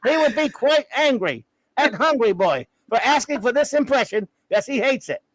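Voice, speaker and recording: A man's voice: very high voice, expressive, moderate pace, a bit bright, no echo, low-quality recording. A man co-hosting a podcast in casual chat, rambling and joking between impressions. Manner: jokey, rambling, drops into impressions. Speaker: podcast co-host.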